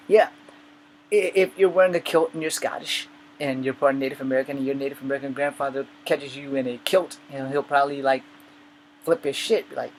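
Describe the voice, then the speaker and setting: A man vlogging in a rambling, joking monologue, with sudden loud bursts between quieter asides. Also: medium pitch, steady tone, a little fast, slight background noise, low-quality recording. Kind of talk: casual monologue.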